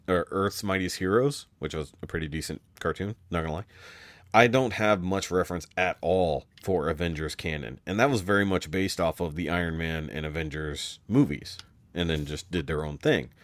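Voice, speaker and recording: A man's voice: low voice, normal speed, no echo. A man co-hosting a podcast in casual chat, rambling and swearing with many restarts. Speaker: podcast co-host.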